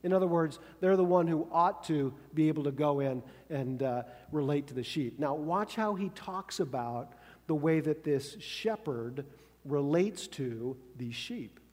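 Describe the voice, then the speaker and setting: A man's voice: a little high, lively intonation, measured pace, darkish tone, long reverb tail. A man preaching a conversational sermon, often checking in with his listeners by asking "right?". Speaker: pastor.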